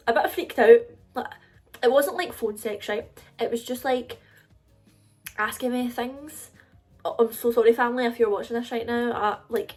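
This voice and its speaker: A woman's voice: a little high, darkish tone. A woman in her twenties with a Scottish accent, chatting in a casual storytime vlog, confiding and filler-heavy. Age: 20s. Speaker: vlogger.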